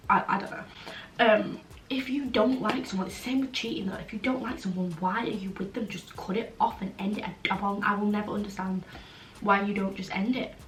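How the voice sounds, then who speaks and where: A woman's voice: medium pitch, steady tone, a little fast. Frank young woman vlogging. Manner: frank, blunt, chatty, many "like" fillers. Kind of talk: casual chatty Q&A. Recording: roomy, slightly distant, faint background noise.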